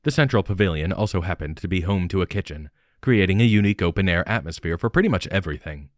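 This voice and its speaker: A man reading an audiobook as narrator, steady and even. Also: sits low, quick pace, no room sound, clean studio sound. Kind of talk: scripted narration.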